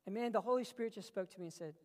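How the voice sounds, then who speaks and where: A man preaching a sermon, telling stories with passion and swinging between loud bursts and hushed lines. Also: sits high, racing. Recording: long reverb of a large hall.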